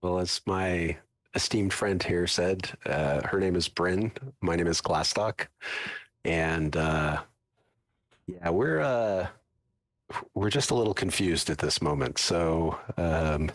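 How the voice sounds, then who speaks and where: A man's voice: sits low, dry recording. A man voicing a short, jovial adventurer who addresses others in an overly formal way.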